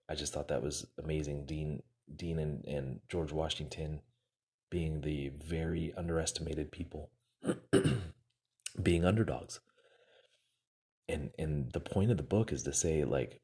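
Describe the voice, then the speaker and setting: A man's voice: extremely low pitch, a little slow, dark tone, slightly rough. A man casually retelling a success story to motivate his listeners, acting out the quoted lines and using many fillers.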